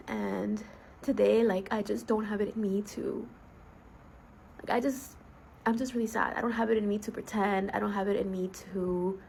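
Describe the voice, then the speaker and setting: A woman in her thirties talks through a heartfelt, halting personal video, her voice breaking off and restarting. There is a gravelly fry in her tone and a faint hiss under the recording. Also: mid-range voice, darkish tone, rough recording. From United States. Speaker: school therapist.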